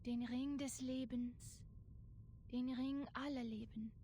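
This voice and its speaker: A high, very slow, incantatory voice of a solemn game heroine with a German accent. Each line of verse is drawn out like a chant over faint background ambience. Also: female voice, fairly even intonation, warm tone, a little hiss or hum. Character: solemn woman reciting a prophetic poem.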